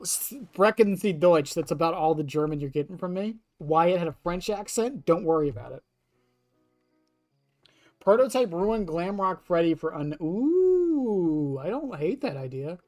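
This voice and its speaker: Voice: mid-range voice, sing-song, normal speed, darkish tone, dry recording, studio quality, faint music behind. A streamer with a cracking voice, laughing often and joking with chat during live gaming commentary.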